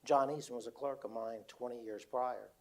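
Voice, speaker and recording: An older retired man telling a personal story to an audience, halting and repeating words as he quotes others. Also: mid-range voice, steady tone, darkish tone. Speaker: speaker. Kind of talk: storytelling talk.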